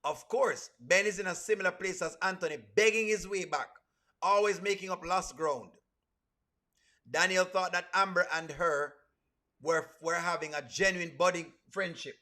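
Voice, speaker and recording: A man with a Jamaican accent giving animated, teasing reaction commentary and talking about himself in the third person. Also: high-pitched, normal speed. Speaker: reaction video host. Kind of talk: casual comedic reaction commentary.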